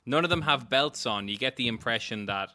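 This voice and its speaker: A man's voice: medium pitch, lively intonation, brisk, pushed and bright, a little hiss or hum. A man, running a tabletop game as game master, joking and laughing often.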